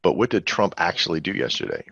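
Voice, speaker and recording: Man, low gravelly voice, husky, rambling webinar host, dull lo-fi call audio. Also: wildly swooping pitch, fast talker, fairly bright tone, no room sound. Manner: rambling, conversational, asks the audience questions. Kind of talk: casual live webinar teaching.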